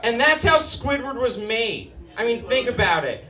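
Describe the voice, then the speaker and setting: A young man with a high, whiny, nasal voice performs stand-up comedy on a live stage. The sound is roomy and slightly distant. Audience laughter rolls in behind him. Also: sing-song, moderate pace, over a noisy crowd. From Utah. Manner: whiny, nasal comic delivery, rising to shouts. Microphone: stage microphone.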